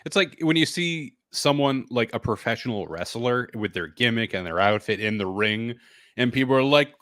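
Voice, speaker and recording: A man's voice: mid-range voice, animated, normal speed, fairly bright tone, no room sound, clean studio sound. A man co-hosting a casual sports podcast, ranting with incredulous, mocking quoted voices. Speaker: podcast co-host.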